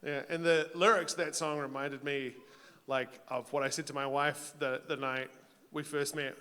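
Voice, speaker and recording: High-voiced foreign-accented man hosting a talent show. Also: level tone, moderate pace, sharp tone, smooth. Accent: non-American. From outside the United States. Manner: self-deprecating, rambling jokes. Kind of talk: joking stage hosting. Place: stage in a hall with audience. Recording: long hall reverb.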